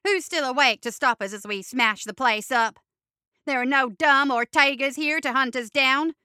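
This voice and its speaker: A woman voicing a gleeful, scheming male creature villain who boasts loudly in crude grammar. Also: high-pitched, unhurried, no echo, clean studio sound, pitched above the performer's own voice. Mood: gleeful, boastful.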